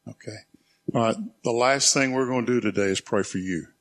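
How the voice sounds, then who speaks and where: A man leading a church small group, teaching in a conversational way, reading scripture slowly and reflectively, and inviting questions. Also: mid-range voice, a bit bright.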